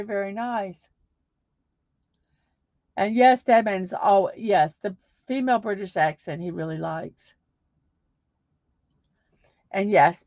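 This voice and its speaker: A woman's voice: medium pitch, no echo. Middle-aged woman, casual livestream chat, rambling with fillers, dry close sound, slightly dull audio. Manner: rambling, many fillers and restarts. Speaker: livestream host. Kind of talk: casual chat reading viewer comments.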